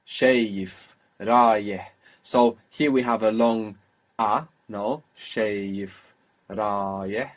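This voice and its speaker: A man's voice: fairly low pitch, steady tone, extremely slow. A man teaching a language lesson, patiently prompting his student with questions and repeating the answers.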